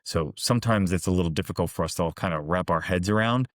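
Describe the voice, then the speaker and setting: Deep-voiced man telling parables. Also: fast talker, dry recording. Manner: calm, earnest, recounting parables. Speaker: host, executive coach. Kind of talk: reflective storytelling monologue.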